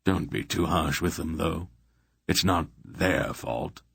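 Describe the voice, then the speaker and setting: A man voicing a calm, wry old male sorcerer in an audiobook, speaking in an unhurried way. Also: sits low, vocal fry, breathy edge, dry recording, studio quality, full character voice.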